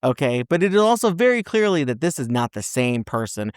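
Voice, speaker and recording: A man's voice: medium pitch, brisk, clear, resonant tone, dry recording, clean studio sound. A man co-hosting a casual film review podcast, recapping a plot and acting out its characters in exaggerated voices. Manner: animated storyteller, acts out characters with exaggerated voices. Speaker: podcast co-host.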